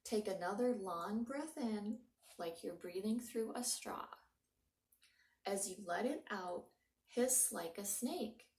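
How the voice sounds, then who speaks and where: Heard from slightly afar in a spacious, echoey room, a woman running a mindfulness story time as a children's librarian walks little kids through gentle, slow breathing. Her medium-pitched, creaky voice stays calm, slow and encouraging, occasionally sinking to a whisper.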